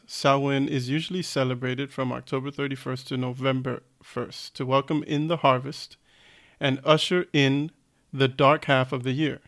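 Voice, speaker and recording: A man's voice: medium pitch, a bit bright. A man co-hosting a casual podcast chat, reading facts aloud with fillers and self-corrections. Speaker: podcast co-host.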